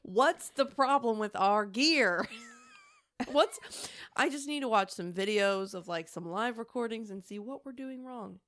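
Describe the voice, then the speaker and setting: A young adult woman co-hosting a podcast in casual chat, animated and laughing often, swearing freely. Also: on the high side, a little slow. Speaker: podcast co-host.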